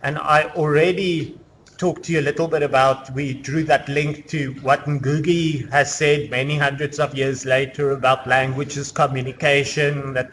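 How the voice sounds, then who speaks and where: A man lectures to a class in a relaxed, talky way, circling back with "you know" and "kind of". His voice sits a little high for a man. A faint room noise runs under the recording. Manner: conversational, explaining with many fillers. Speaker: university lecturer.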